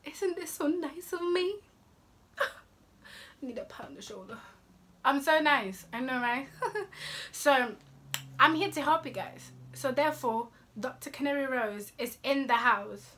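A woman's voice: sits high, animated, a little slow, long pauses, sharp tone, a little hiss or hum. A young woman, giving sassy, scolding dating advice in a casual vlog. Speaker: vlogger.

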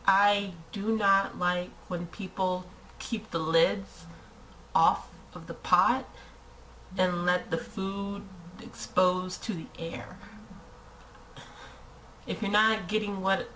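A young woman vlogging casually to camera in an animated, exasperated way. She fills her sentences with "like" and fires off rhetorical questions, in a voice of medium pitch. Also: slight background noise, low-quality recording. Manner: frequent "like" fillers.

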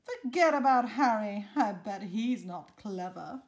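A woman doing a loud, boastful rogue scarecrow. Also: mid-range voice, expressive, a little slow.

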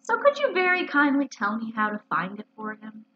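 A woman voicing a humble, simple-minded male toy bear in a storybook reading, speaking slowly and earnestly, on a dull lo-fi recording. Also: fairly high pitch, big pitch swings, sharp tone, slight background noise. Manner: slow, earnest and wistful.

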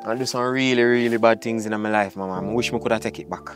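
Brief: man as a pleading Jamaican son, flat sorrowful delivery, music bed underneath. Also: on the low side, fast talker, close to an everyday voice. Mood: remorseful. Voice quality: Jamaican patois phrasing, pleading. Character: remorseful grown son pleading to his mother. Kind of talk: emotional drama monologue.

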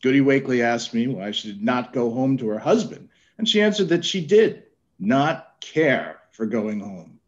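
Man as aggrieved husband, plain steady testimony, muffled lo-fi sound. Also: medium pitch, normal speed, close to an everyday voice. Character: aggrieved husband complaining of his wife to court. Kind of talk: dramatic reading of court records. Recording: dull lo-fi sound.

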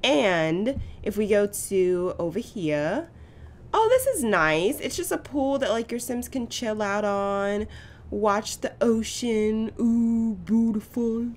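Gushing woman giving game commentary. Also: lowish voice. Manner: gushing, chatty, excitable. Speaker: gaming YouTuber. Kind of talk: casual gameplay commentary.

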